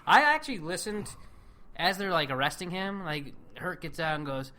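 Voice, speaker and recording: Bright-voiced man recapping a TV episode. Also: fairly high pitch, animated, moderate pace. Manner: laughing, swearing, quoting scenes in put-on voices. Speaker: podcast co-host. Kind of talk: casual TV recap chat.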